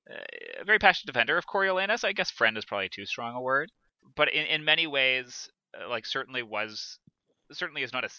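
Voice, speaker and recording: A man with a sharp, mid-range voice co-hosts a podcast, working through a theatre production in a loose, hesitant way with many restarts. The audio is dull, dry, and lo-fi, with no room sound.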